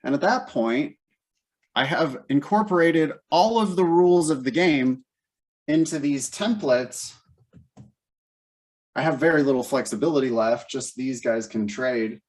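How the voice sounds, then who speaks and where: Guy teaching a live class, laid-back, walks through each step out loud, middle pitch. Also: a little slow. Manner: casual, thinks aloud step by step. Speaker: LSAT teacher.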